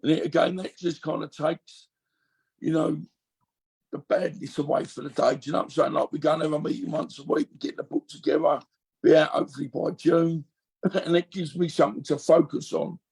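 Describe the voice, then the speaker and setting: Middle-aged guy, gravelly and a bit husky, rambling on with lots of you knows, fairly high for a man. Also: steady tone, a little fast, a little mellow. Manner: rambling, many fillers and restarts. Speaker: guest. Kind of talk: candid podcast chat.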